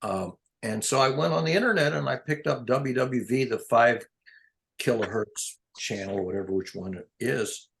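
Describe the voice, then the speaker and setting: An older man chatting casually, wandering from one tangent to the next and chuckling as he goes. His voice sits at an ordinary middle pitch. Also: normal speed, gravelly, a bit bright. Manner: rambling, digressive, chuckles often. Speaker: conversation partner. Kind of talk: casual chat.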